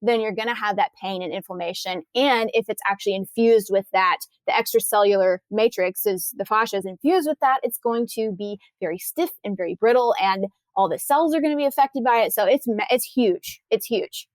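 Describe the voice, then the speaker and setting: A woman's voice: mid-range voice, fairly quick, few pauses, no echo. A woman talking as a podcast guest, telling stories with enthusiasm and frequent restarts. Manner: enthusiastic, animated storytelling with many restarts. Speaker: guest, corrective exercise trainer. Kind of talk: casual podcast interview.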